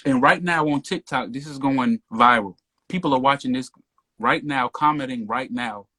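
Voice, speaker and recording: A man telling a story as a podcast guest in casual talk, getting loud and worked up as he retells it. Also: mid-range voice, normal speed. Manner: animated, rising to near shouting when retelling the stop.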